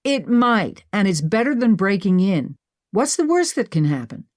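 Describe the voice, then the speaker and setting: A woman's voice: medium pitch, big pitch swings, normal speed, darkish tone, no echo, studio quality, pitched above the performer's own voice, lightly acted. A woman narrator voicing a bold, pushy young woman who talks insistently. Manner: insistent, bossy.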